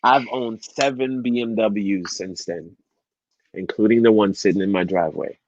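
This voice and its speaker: A man telling a motivational story at an online event, animated and acting out the dialogue as he goes. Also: fairly low pitch, normal speed, no room sound, highs cut off. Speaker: speaker at a men's online event.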